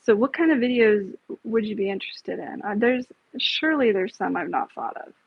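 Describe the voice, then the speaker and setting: Blunt, husky-voiced woman on a tinny stream. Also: mid-range voice, animated, moderate pace. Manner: blunt, profane, rambling. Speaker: livestream host. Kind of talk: casual live-stream chat. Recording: tinny phone-like, dry sound.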